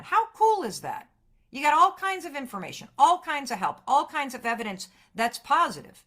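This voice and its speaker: A woman giving an energetic motivational talk on a live stream, emphatic and profane, with big jumps in pitch and loudness. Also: normal speed. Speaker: motivational speaker.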